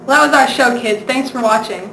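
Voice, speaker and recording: A woman's voice: a little high, brisk, gravelly, pushed and bright. A young woman co-hosting a student video blog with an upbeat delivery. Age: young adult. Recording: echoey room, faint noise.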